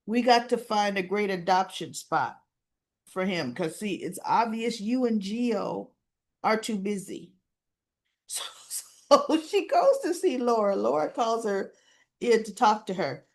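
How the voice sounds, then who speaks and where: Slow-talking woman recapping a soap episode. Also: mid-range voice, lively intonation, darkish tone. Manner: chatty, retells scenes and acts out the characters' lines. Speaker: soap opera reviewer.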